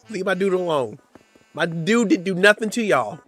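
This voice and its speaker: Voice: medium pitch, expressive, a little slow, fairly bright tone, faint music behind. A streamer giving casual live-stream gameplay commentary, playful and slangy, often laughing and teasing the chat. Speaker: game streamer.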